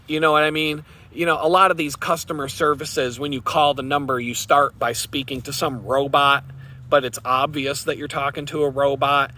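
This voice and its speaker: Male vlogger, sarcastic rambling rant, bright forceful tone, slightly high pitch. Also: level tone, normal speed, slight background noise. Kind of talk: casual rant to camera.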